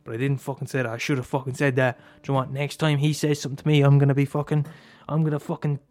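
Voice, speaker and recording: A man's voice: mid-range voice, level tone, racing, a little mellow, faint music behind. Rambling, swearing man. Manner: rambling, swears a lot, many restarts. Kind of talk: casual monologue.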